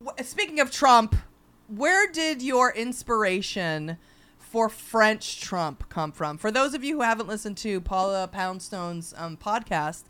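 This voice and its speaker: A woman's voice: mid-range voice, lively intonation, fairly bright tone, smooth. Giggly woman co-host chiming in. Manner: quick agreeing interjections and giggles. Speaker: podcast co-host. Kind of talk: casual podcast chat.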